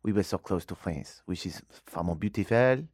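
A radio host from England speaks in a low, slightly mellow voice at a moderate pace, trading jokes and self-mocking banter in casual chat. He's recorded on a studio microphone in a radio studio, and the sound is dry and studio quality.

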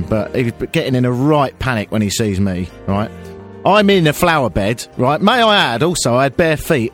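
A man hosting a radio show, telling a story in a chatty, animated, self-mocking way with bursts of silly high voices. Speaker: radio presenter.

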